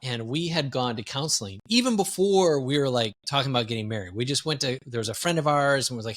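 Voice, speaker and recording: A man's voice: mid-range voice, fast, few pauses. Guy telling stories on a podcast, candid, pokes fun at himself. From Wisconsin, US. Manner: animated, candid, self-deprecating storyteller. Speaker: guest, executive coach. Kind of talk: storytelling in a podcast interview.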